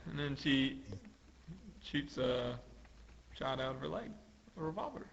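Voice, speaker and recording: Young male co-host, slow and deliberate, bright, lively pitch; recaps story beats casually; lo-fi sound. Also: gravelly, husky. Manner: recaps chapter panels, bursting into loud acted quotes. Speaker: podcast co-host. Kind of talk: casual chat about manga. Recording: lo-fi podcast audio.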